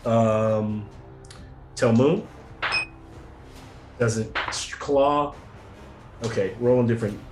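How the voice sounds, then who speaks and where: A man running a tabletop game as game master, laid-back and hesitant, filling pauses with "um" and "like". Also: medium pitch, background noise. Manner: laid-back, hesitant, many fillers, laughs often.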